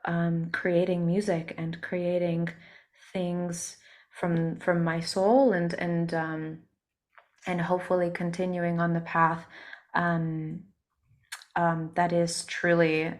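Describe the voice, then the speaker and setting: A woman singer with a hoarse voice from a cold, speaking softly with many pauses in a casual interview. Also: on the low side, flat delivery. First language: Russian. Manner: soft-spoken, many ums and pauses. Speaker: singer and musician, interview guest.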